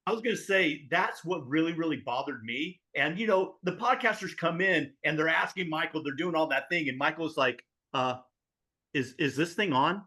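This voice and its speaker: A man's voice: on the high side, expressive, a little fast, hardly any pauses, pushed and bright. A man co-hosting a podcast, sarcastic, acting out characters to mock them. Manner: sarcastic, acts out characters mockingly. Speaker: podcast co-host. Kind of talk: casual podcast chat.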